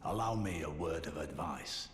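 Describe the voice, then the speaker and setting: An actor playing a condescending senior male knight who lectures a newcomer in a slow, measured way. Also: rumbling low, animated, a bit bright, big-room sound.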